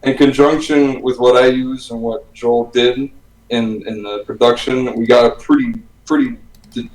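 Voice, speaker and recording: A man, a band's bassist and composer, chatting relaxed and enthusiastic in a casual Q&A. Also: moderate pace. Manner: relaxed, enthusiastic, loose swearing. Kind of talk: casual Q&A chat. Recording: roomy echo.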